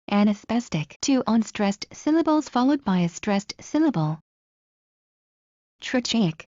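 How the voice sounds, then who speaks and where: A woman reading exam study flashcards aloud, naming each term and then giving its definition in a measured, even way. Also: mid-range voice, no echo, lo-fi sound. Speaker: study guide narrator.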